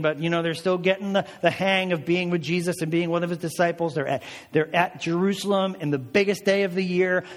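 Man preaching a sermon in a reverberant hall. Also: high-pitched. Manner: conversational, animated storytelling with rhetorical questions. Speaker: pastor.

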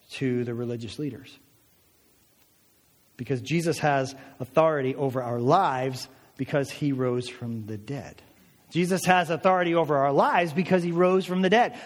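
A man's voice: medium pitch, big-room sound. A male pastor preaching a sermon, earnest and emphatic, with a lot of repetition.

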